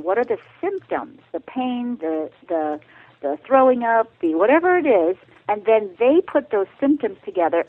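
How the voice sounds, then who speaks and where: A woman on a tinny telephone line, speaking as a guest expert on a radio interview. She explains her points in an earnest, direct, plain-spoken way. Her voice sits at a middle pitch. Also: no echo. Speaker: guest bioethicist.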